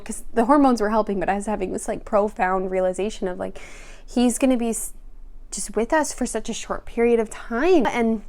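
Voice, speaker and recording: A young woman speaks casually to the camera as a vlogger. Her voice sits a little high, and she sounds chatty and emotional. She laughs often and fills her sentences with "like.". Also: a little mellow. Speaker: vlogger, new mother.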